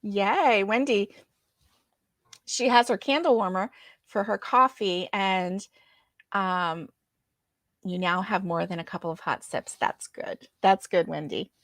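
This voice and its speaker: A woman's voice: medium pitch, slow pace, long pauses, a bit bright, no echo, clean studio sound. A woman hosting a casual crochet livestream, reading viewer comments aloud and greeting each viewer by name.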